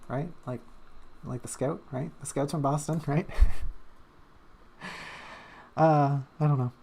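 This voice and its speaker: Streamer, casual drawing-stream chat, gravelly fry, rambling and self-mocking, talking into a desk mic at home. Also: medium pitch, fairly even intonation, slow, mellow, a little hiss or hum. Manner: rambling and self-mocking, with many fillers and little hums.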